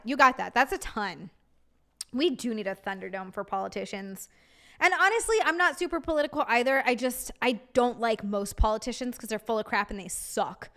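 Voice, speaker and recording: A young woman livestreams, chatting casually, greeting viewers, and reading comments aloud while ranting in exasperation. Her voice is on the high side, bright and forceful.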